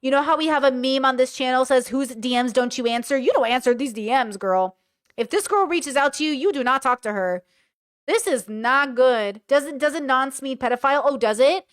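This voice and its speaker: High, smooth-voiced woman reacting bluntly. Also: no room sound, studio quality. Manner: blunt, slangy, quick judgments. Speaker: reaction commentator. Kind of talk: casual reaction commentary, reading messages aloud.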